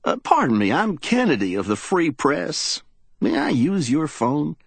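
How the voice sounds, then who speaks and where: A man's voice: on the high side, sing-song, a little slow, breathy edge, no room sound, pitched above the performer's own voice, full character voice. A man reading a crime audiobook, voicing a world-weary, wisecracking newspaper reporter in a raised, breezy drawl. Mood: brisk.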